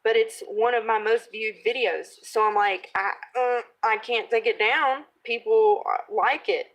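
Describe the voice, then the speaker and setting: A woman in her thirties casually chatting while she crafts, rambling off on tangents, laughing at herself and clearing her throat. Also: fairly high pitch, unhurried, low-quality recording. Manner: rambling, self-deprecating, laughs often. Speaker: craft video host.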